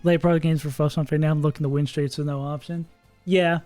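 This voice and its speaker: A streamer in casual livestream commentary, thinking aloud about game strategy, chatty and quick to laugh. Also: medium pitch, little pitch movement, mellow, soft background music.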